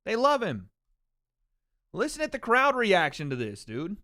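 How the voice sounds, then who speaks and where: A man's voice: high-pitched, wildly swooping pitch, a little slow, bright, forceful tone, no room sound, studio quality. Brash man hosting a live stream. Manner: brash, opinionated, swears freely. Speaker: livestream watch party host. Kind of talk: casual chat.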